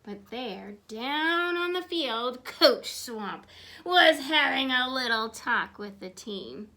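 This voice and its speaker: A woman reading a children's picture book aloud, animated and asking her listeners questions. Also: high-pitched, slow. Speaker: storyteller.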